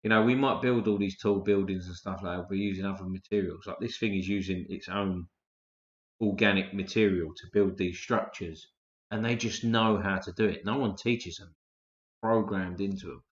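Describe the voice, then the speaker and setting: A man's voice: low-pitched, steady tone, normal speed. A man hosting a casual live stream, chatting loosely and swearing freely while tired and yawning. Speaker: livestream host. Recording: roomy, dull lo-fi stream audio.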